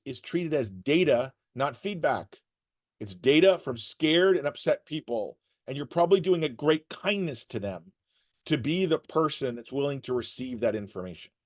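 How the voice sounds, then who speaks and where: A guest speaker on resilience gives emergency workers advice through storytelling, animatedly acting out the quotes and people in his stories. His voice is on the high side, at a moderate pace.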